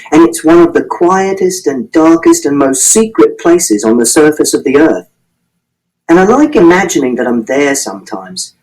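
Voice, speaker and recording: Male audiobook narrator, fairly high voice, animated, exact and literal delivery. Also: low-quality recording. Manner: precise, literal, matter-of-fact telling. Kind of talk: first-person audiobook narration.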